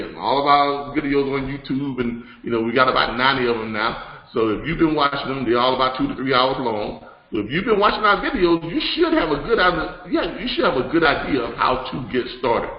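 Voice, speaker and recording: A man hosting a live online business broadcast, talking in a loose, rambling way with lots of fillers and restarts as he gives announcements and teaches. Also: medium pitch. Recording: roomy, slightly dull sound.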